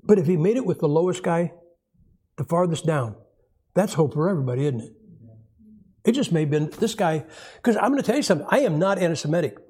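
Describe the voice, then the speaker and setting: A man preaches a sermon in a folksy, conversational style, acting out quoted voices with rising pitch and asking the congregation questions. His voice is expressive, mellow and a bit breathy, quick in pace yet with long pauses.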